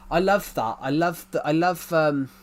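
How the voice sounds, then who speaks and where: This English-accented man from the United Kingdom chats casually during a game as a gaming YouTuber, rambling and often beginning sentences again. His voice leans high and moves at a moderate pace.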